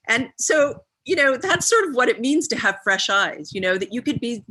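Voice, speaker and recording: A woman's voice: on the high side, big pitch swings, moderate pace, sharp tone. A woman guest speaker on a live stream, leading a visualization with a long string of reflective questions and frequent ums.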